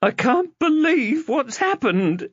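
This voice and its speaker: A man voicing a distraught adult woman, an anxious sister, in a high, fluttering, tearful voice, in an audiobook. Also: sing-song, slow, no room sound, heavily acted. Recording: dull, dry lo-fi recording.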